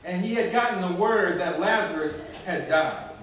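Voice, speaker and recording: A man's voice: high-pitched, normal speed, fairly bright tone, a little hiss or hum. A man preaching a conversational sermon with humor, repeating words and chuckling at his own jokes, in a church. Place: church sanctuary. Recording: very echoey hall from far off.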